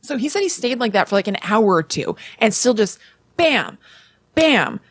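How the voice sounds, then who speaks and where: A woman's voice: a little high, sing-song, normal speed, no echo. A young woman co-hosting a podcast, casually retelling a story in a chatty way full of "like" fillers. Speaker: podcast co-host.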